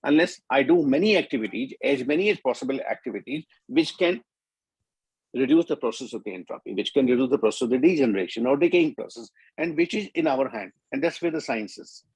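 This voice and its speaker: A man's voice: mid-range voice, lively intonation, fast, slightly rough, no room sound, low-quality recording. An older man with an Indian English accent, giving an emphatic, explanatory talk as a doctor on a conference panel.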